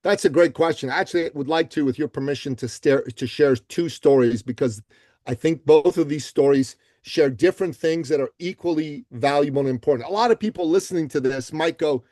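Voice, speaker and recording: A man from Iran, a podcast guest, telling success stories with animated, emphatic delivery. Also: a little high, fairly quick, no echo. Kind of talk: energetic storytelling interview answers.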